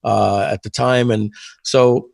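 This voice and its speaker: A man in his fifties, a guest telling long stories in a casual interview, rambling with many fillers and frequent throat-clearing. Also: fairly low pitch, fairly even intonation, slow, a little mellow, dry recording. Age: 50s. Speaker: guest, software entrepreneur.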